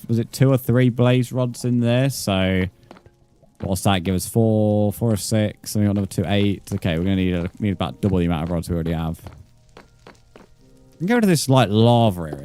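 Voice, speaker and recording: A man's voice: fairly low pitch, a little fast, warm tone, faint music behind. Swearing, chatty gamer man. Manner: chatty, swears often, talks to chat. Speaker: streamer. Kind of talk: casual live gameplay commentary.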